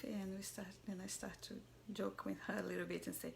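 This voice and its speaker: A mother telling a personal story in a soft, halting voice that often drops to a whisper. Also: mid-range voice, level tone, vocal fry, slight background noise. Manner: halting, searching for words.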